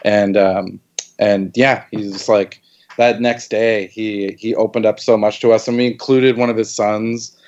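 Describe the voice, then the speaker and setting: A man talking as a podcast guest in a relaxed way, with lots of "like" and "you know.". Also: on the low side, measured pace, lo-fi sound. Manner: relaxed, filler-heavy with lots of "like". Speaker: guest, docuseries co-creator. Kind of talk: casual podcast conversation.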